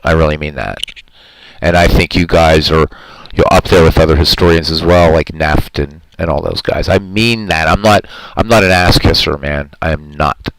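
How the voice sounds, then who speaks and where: A man's voice: rumbling low, normal speed, vocal fry, a bit bright, a little hiss or hum, rough recording. A man hosting a live stream in casual chat, talking in an earnest, rambling, heartfelt way and answering his viewers' comments.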